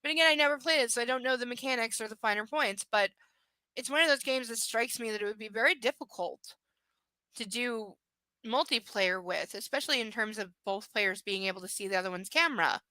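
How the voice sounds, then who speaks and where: A woman's voice: on the high side, brisk, pushed and bright, no room sound, low-quality recording. A woman streaming, reading a novel aloud and chatting bluntly, swearing freely and ranting animatedly. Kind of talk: casual live-stream reading and chat.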